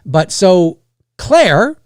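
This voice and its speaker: A man's voice: high-pitched, very animated, extremely slow, dry recording, studio quality. A man with a Canadian accent hosting a live stream, chatting casually and rambling with lots of fillers and restarts.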